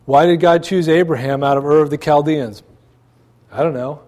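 A man preaching to a congregation in a church, his voice sitting a little higher than most men's. He talks in a loose, conversational way, asking rhetorical questions and tossing in asides as he goes. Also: fairly quick, a little mellow. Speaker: pastor. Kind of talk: sermon.

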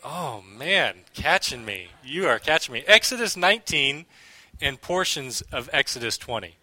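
A man preaching a relaxed, joking sermon to his congregation, reading scripture aloud. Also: on the high side, moderate pace, no echo. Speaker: pastor.

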